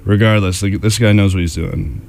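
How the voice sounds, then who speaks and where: A man's voice: fairly low pitch, steady tone, moderate pace, creaky. A young man co-hosting a casual radio show, playful and jokey, tossing in little sound effects.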